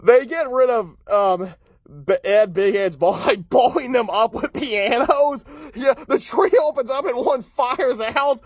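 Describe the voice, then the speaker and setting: A man's voice: very high voice, a little slow, dry recording. A man casually recapping a cartoon episode, chuckling often and rambling with filler words and restarts.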